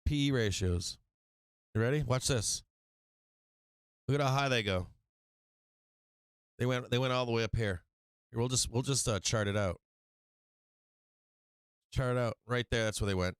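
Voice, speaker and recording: Guy on a stock stream, smooth clear voice, dry mic, rambly and cussing. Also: medium pitch, measured pace, pauses often, no echo. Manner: rambling, mocking, swears often, talks to viewers. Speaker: stock market live stream host. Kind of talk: casual profane market chat.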